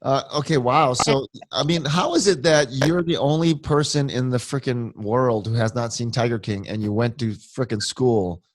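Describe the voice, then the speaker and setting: A man's voice: medium pitch, normal speed, hardly any pauses, dry recording. A man from Hawaii, hosting a casual chat and rambling and teasing with many restarts. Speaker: podcast host.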